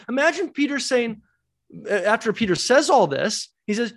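A man's voice: very high-pitched, sing-song, moderate pace. A man teaching a Bible study class, emphatic, asking rhetorical questions and repeating key words.

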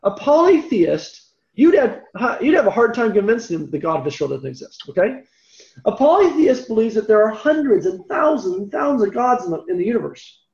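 A man teaching through a Bible passage verse by verse, animated and conversational, with asides and self-corrections. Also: high-pitched, fairly quick, vocal fry. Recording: roomy echo, dull lo-fi sound.

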